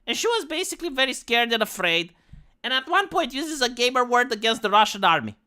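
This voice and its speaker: Bright, animated woman ranting on stream. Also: a little high, fairly quick. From Romania. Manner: blunt, sweary ranting with many restarts. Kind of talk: casual live-stream commentary.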